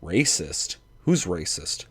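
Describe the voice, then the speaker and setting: A man's voice: deep voice, big pitch swings, takes it slowly, fairly bright tone, husky. A man streaming casually, swearing a lot and rambling at his chat as he sets up a video. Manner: profane, rambling, talks to chat. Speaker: gaming streamer.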